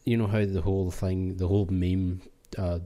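A man chatting on a podcast, his voice very low. He rambles, hesitates and searches for words as he tells a story. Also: level tone, moderate pace, warm tone. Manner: rambling, hesitant, laughs often. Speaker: podcast co-host. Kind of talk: casual chat.

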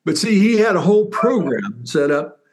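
An older man, a former football player and author, telling stories in an interview with animated, rambling enthusiasm. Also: sits high, moderate pace, a little hiss or hum. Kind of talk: interview storytelling.

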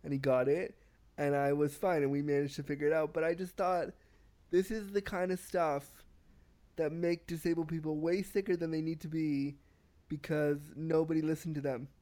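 A man as a podcast guest, telling a story in casual conversation, animated and often repeating and restarting words. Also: a little high, normal speed. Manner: animated, acts out quoted exchanges.

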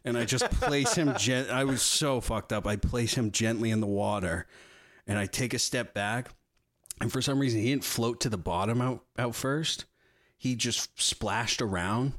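A young man co-hosting a podcast, telling a story in casual, profane chat with animated swings in his voice. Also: mid-range voice, normal speed. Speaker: podcast co-host.

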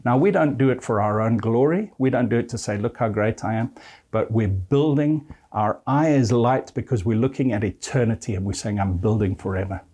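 A man's voice: mid-range voice, a little fast, hardly any pauses, mellow, slightly rough. A man preaching a sermon, reading scripture verses aloud and earnestly addressing his listeners as friend.

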